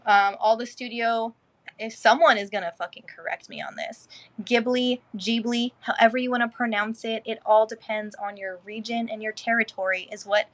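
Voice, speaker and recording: Female interview guest, fairly high voice, chatty, laughs easily. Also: fairly even intonation, a little fast, a bit bright. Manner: chatty, laughs often, mild swearing. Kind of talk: casual interview chat.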